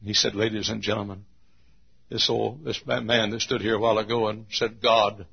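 A man preaching a sermon at a church service, booming into shouts and then dropping to a hush. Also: level tone, brisk, gravelly, husky, dull audio. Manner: swings from loud shouted quotes to hushed low asides.

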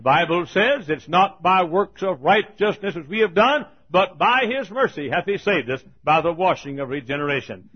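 Male pastor, fiery sermon, folksy, thundering shouts, lively swooping pitch. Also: normal speed, slightly rough. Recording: lo-fi recording.

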